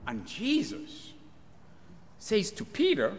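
A male pastor preaches a sermon in a lively storytelling manner. His slightly high voice jumps up and down as he acts out the voices of the figures in the story. Long reverb from a church hall rings around him. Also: normal speed, husky.

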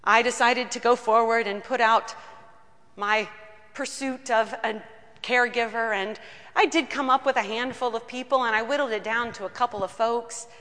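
Her voice bright and a little high, a woman pastor preaches in church, mixing personal stories into the sermon with earnest warmth. Her intonation stays fairly even and her speed normal. A long reverb trails each phrase.

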